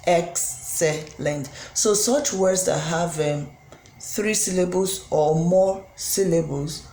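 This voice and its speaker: An English tutor giving a recorded grammar lesson, slow and deliberate, spelling out letters and pausing on frequent ums. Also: mid-range voice, darkish tone. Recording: roomy echo with faint background hum.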